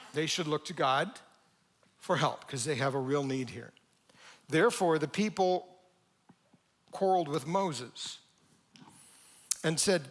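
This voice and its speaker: In a church sanctuary, a male pastor delivers a sermon in a voice slightly higher than typical for a man. His preaching is conversational and animated, and he gives quoted lines their own distinct voices.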